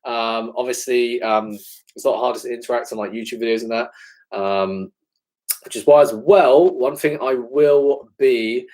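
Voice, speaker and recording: An English fitness coach in his twenties talks casually through live-stream questions, sprinkling in "man" and "obviously" with a laid-back manner. His mid-range voice has a darkish tone and fairly even intonation at a normal pace. The recording quality is poor.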